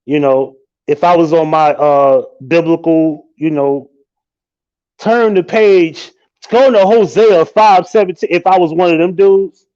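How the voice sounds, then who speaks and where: A man hosting a live stream, talking in a casual, animated and profane way, often breaking into laughter. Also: a little high, lo-fi sound.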